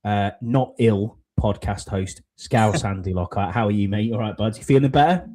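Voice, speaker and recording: A man's voice: fairly low pitch, moderate pace, warm tone. A man hosting a podcast in casual, rambling chat, with many fillers. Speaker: podcast host.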